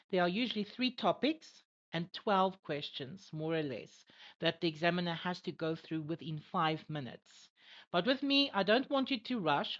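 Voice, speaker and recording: A woman with a mid-range, fairly bright voice acts as an IELTS examiner and tutor in an online English lesson. She's encouraging and says "all right" and "okay" a lot, and the audio is dull and lo-fi.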